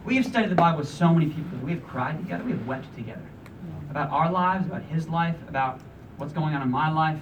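Animated preacher man, high lively voice. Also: fast talker, lo-fi sound, noisy background. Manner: animated, conversational and emphatic. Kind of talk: sermon. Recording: voice from a distance with faint room ambience.

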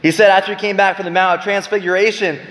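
A man giving a preaching-style Bible talk, emphatic, swinging between loud bursts and quiet low lines. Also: little pitch movement, quick pace. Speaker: Bible teacher. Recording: echoey hall with long reverb.

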